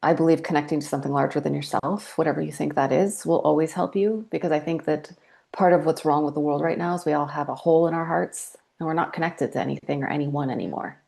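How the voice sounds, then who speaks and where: A woman in her forties, a podcast guest telling her story in a calm, reflective, measured way. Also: deep voice, gravelly. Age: 40s. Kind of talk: candid interview talk.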